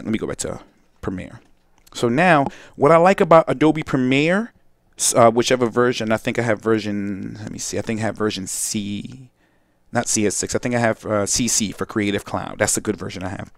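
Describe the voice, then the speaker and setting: A man's voice: lowish voice, animated, normal speed, no room sound, clean studio sound. Rambling young man. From Brooklyn, New York. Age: young adult. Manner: rambling, digressive, restarts often, talks straight to viewers. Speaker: host and video editing tutor. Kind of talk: casual screen-recorded software tutorial.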